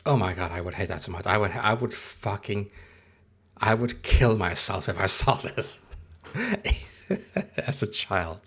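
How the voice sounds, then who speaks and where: A man's voice: on the low side, lively intonation, unhurried, a bit bright, slightly rough. A man in his thirties, not a native English speaker, chatting in a rambling, casual way on a livestream and answering his chat.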